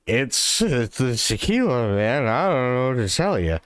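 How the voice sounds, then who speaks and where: A man voicing a laid-back drunk who answers in halting, shrugging phrases. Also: mid-range voice, very animated, clear, resonant tone, no echo, studio quality. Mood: nonchalant.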